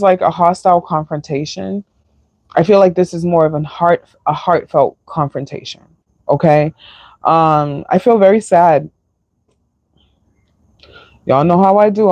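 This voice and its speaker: A woman's voice: on the low side, darkish tone, dry recording. A woman doing a live tarot reading, emotional and sighing, with many fillers. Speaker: tarot reader.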